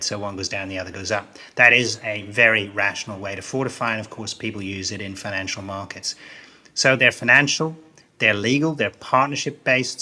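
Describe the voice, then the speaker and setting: A man's voice: lowish voice, bright, forceful tone. A man, a business consultant, giving emphatic interview answers that repeat key phrases.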